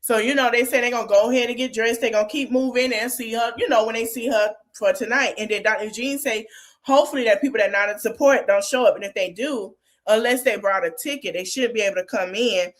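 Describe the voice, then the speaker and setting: Woman w aave, lively podcast recap, kinda high voice, a bit of a cough from a cold. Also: fast. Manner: animated, laughs often, mimics cast members' lines. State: getting over a cold, coughing. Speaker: podcast host. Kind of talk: casual reality TV recap.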